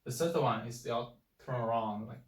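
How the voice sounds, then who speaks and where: A man teaching a pinyin lesson, halting and repeating words as he demonstrates sounds aloud. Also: medium pitch, steady tone, recorded from a distance. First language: Chinese. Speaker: Chinese language teacher. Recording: echoey room, mic set back.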